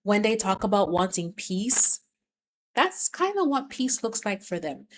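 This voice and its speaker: A woman's voice: mid-range voice, very animated, unhurried, a little hiss or hum. A woman giving relationship advice in an emphatic, insistent way, repeating her points to drive them home. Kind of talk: advice monologue.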